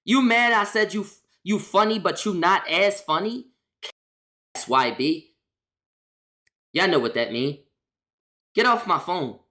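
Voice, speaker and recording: A woman's voice: on the low side, lively intonation, unhurried, long pauses, fairly bright tone. Exasperated woman ranting to her chat. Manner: exasperated, repetitive, slangy. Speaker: streamer. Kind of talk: casual rant to stream chat.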